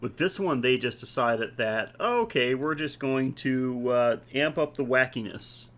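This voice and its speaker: A man co-hosting a podcast in casual chat, laid-back and halting, often laughing as he talks. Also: mid-range voice, a bit bright. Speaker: podcast co-host.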